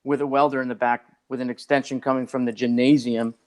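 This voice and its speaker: A man who is a podcast guest, telling a long story in a rambling, animated way and acting out what other people said. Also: mid-range voice, quick pace, smooth. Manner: rambling and animated, acts out others' lines, many "like" fillers. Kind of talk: casual storytelling.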